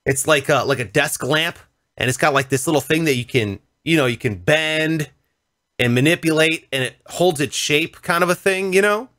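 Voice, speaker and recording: A male radio host in casual conversation, telling a story in an animated way and acting out voices and sounds. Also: on the high side, moderate pace, no echo, clean studio sound. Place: radio studio.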